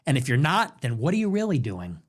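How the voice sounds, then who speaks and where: A man's voice: medium pitch, huge pitch swings, fairly quick. Emphatic, sarcastic male show host. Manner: sarcastic, mocking; emphatic, repetitive. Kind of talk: political commentary monologue.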